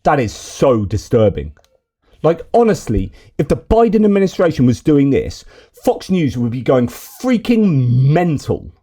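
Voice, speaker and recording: A man's voice: medium pitch, sing-song, a little slow, mellow. A man giving exasperated, indignant political commentary while reacting to video clips.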